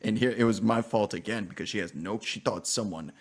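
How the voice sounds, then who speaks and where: A man streaming live, telling a rambling, animated anecdote with frequent self-interruptions in a casual chat style. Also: lowish voice, fairly quick, breathy edge.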